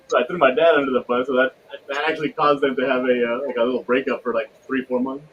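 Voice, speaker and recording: A man's voice: mid-range voice, quick pace, highs cut off. A man telling loose, swearing anecdotes in casual podcast chat, acting out the people he quotes. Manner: animated, swears freely, acts out quotes in raised voice. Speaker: podcast guest. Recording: distant mic with faint noise.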